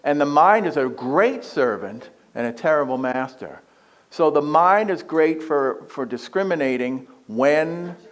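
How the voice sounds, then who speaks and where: A man giving a conversational spiritual talk as a guest speaker, joking and asking the audience questions. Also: medium pitch.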